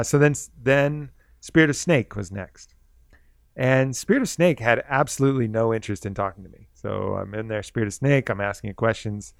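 A man's voice: lowish voice, creaky, no echo, clean studio sound. A man hosting a solo podcast, telling a personal story in a reflective, laid-back way. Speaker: podcast host.

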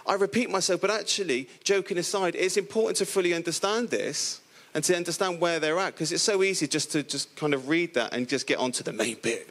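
A middle-aged man from the area preaching a lively, playful sermon, acting out the characters in the stories he tells. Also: high-pitched. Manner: playful, animated storytelling with voiced characters.

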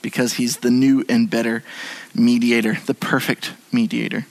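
A man preaching a sermon as pastor in a church, moving between hushed and animated delivery. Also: mid-range voice, normal speed, gravelly, low-quality recording. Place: church sanctuary.

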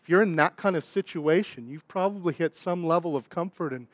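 A young adult pastor, preaching a sermon in a conversational, animated way, with asides and acted-out quotes. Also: male voice, a little high, a little fast, no echo.

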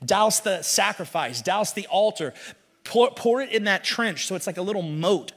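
A man voicing a bold prophet who calmly gives orders, in a lower, quieter voice than his own. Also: normal speed. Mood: commanding. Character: bold mocking old male prophet, calm and sure. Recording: long hall reverb.

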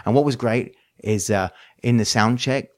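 A man's voice: medium pitch, normal speed, dry recording, studio quality. A man hosting a podcast and telling a story in a rambling, casual chat. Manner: rambling with restarts and fillers. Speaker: podcast host.

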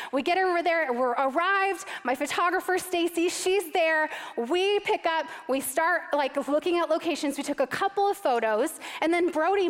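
A woman in her thirties giving a sermon, telling a self-mocking family story in an animated way before turning to scripture. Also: high-pitched. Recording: long reverb of a large hall.

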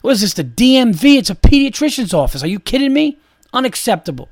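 A man's voice: high-pitched, big pitch swings, fast talker, no room sound, clean studio sound. A young adult man hosting a podcast, ranting in an exasperated, profane, repetitive way. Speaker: podcast host. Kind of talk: casual ranting monologue.

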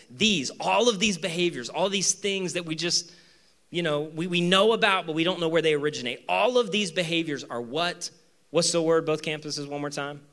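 A man preaching a sermon to his church, animated, acting out voices in the story and moving between loud emphasis and quiet asides. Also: fairly high pitch. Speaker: pastor. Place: church with two campuses.

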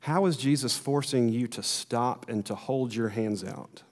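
A man's voice: medium pitch, a little slow. Male pastor, earnest sermon, mid-range voice, long hall reverb. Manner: earnest, building emphasis, repeats words.

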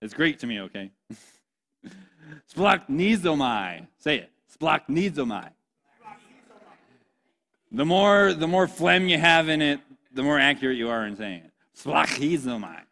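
A young male pastor gives a sermon in a relaxed, joking style. He keeps asking the congregation questions and plays out little scenes in a chatty voice. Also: on the high side, brisk. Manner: playful, joking, asks the audience questions.

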